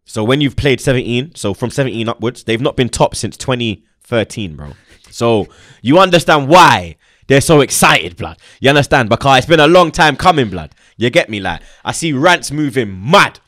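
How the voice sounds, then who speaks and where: A young man talks football in casual, animated banter. He is full of slang and swearing, and laughs freely. His mid-pitched voice is recorded close and dry. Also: moderate pace, no room sound. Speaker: football channel host.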